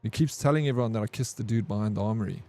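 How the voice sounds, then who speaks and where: A man's voice: fairly low pitch, rapid-fire, warm tone. A man streaming a game, rambling and crude as he tells a long army story to his chat. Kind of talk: casual gaming stream storytelling.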